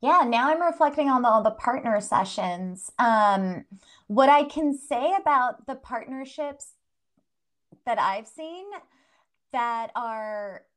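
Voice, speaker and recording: A woman's voice: on the high side, expressive, takes it slowly, fairly bright tone. Bubbly, laughing woman healer on a podcast. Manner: bubbly, laughs often, many fillers. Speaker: spiritual healer, guest. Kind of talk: casual podcast conversation.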